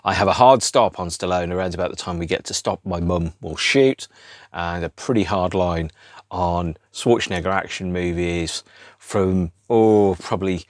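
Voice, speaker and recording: A man's voice: sits low, normal speed, dry recording, studio quality. A middle-aged man, rambling through an unscripted solo podcast in a wry, self-deprecating way. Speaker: podcast host.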